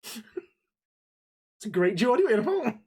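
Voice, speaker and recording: Teasing husky-voiced man. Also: very high-pitched, sing-song, rapid-fire, a little mellow. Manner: teasing, unfiltered, laughs often. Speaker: podcast host. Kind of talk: casual banter.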